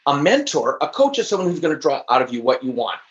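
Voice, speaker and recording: High-energy, emphatic male guest. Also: big pitch swings, fast. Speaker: podcast guest, trainer. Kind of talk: interview conversation. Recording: echoey, dull lo-fi audio.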